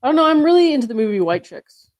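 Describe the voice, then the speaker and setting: A woman's voice: high-pitched, very animated, very fast, dry recording. A woman hosting, talking in a chatty, rambling way and laughing often during a casual chat. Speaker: host.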